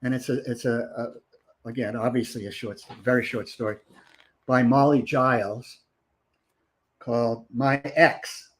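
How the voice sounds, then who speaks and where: Man, author panelist, halting then measured reading, mid pitch, video call. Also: fairly even intonation. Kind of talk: panel talk, reading a short story aloud.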